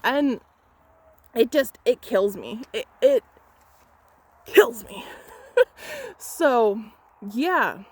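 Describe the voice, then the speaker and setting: A woman's voice: fairly high pitch, animated, drawn-out words, long pauses. A young adult woman photographer retelling a client story in an angry storytime vlog, heated, emphatic and profane.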